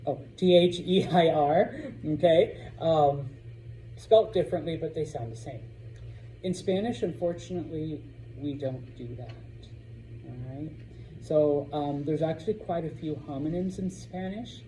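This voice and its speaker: A man teaching a Spanish class to students, repeating words slowly to model their pronunciation. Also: on the high side, mellow, a little hiss or hum, low-quality recording. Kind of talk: classroom lesson.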